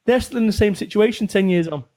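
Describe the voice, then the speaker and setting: This podcast guest, a Salford-accented business author from England in his forties, swears freely and talks bluntly in a casual interview, repeating phrases to drive points home. His voice is high-pitched and mellow, and he speaks at a quick pace.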